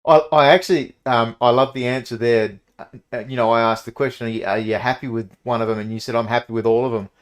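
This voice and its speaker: A man's voice: medium pitch, fairly even intonation, quick pace. An Australian man hosting a casual chat, upbeat and enthusiastic. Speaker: host.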